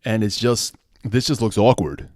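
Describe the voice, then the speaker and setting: Casual male toy reviewer, low voice, rambling and self-correcting, dry recording. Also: moderate pace, darkish tone, no echo. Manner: rambling, restarts sentences, conversational asides.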